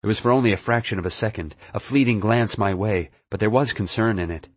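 Husky low-voiced male audiobook narrator. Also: fast, no echo. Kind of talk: first-person audiobook narration.

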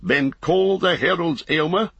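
A man's voice: fairly high pitch, measured pace, fairly bright tone, slightly rough, no echo, highs cut off, pitched above the performer's own voice, full character voice. Theoden, a grave old king, read by a man. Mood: commanding. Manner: grave, commanding. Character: aged proud warrior king.

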